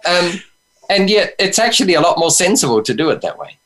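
A man, chatting casually as an interview guest in a relaxed, wry way, with frequent ums and restarts. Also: high voice, fairly quick. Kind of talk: casual conversation.

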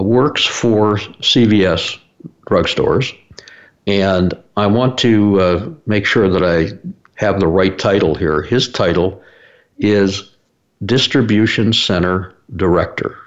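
A man's voice: deep voice, muffled recording. A man hosting his own broadcast, telling a story in a rambling way with lots of fillers and restarts. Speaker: broadcast host. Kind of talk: casual explanatory monologue.

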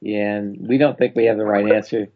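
A man co-hosting a radio talk show, chatting in a dry, laid-back way with quick quips. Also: lowish voice, steady tone, phone-quality sound, background noise. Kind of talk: casual chat.

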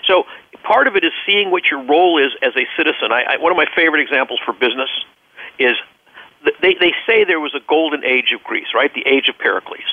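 A man's voice: a little high, expressive, fast talker, no echo. Earnest man on a tinny phone line. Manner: earnest, storytelling, repeats words while searching. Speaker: interview guest, business leader. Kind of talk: radio phone interview.

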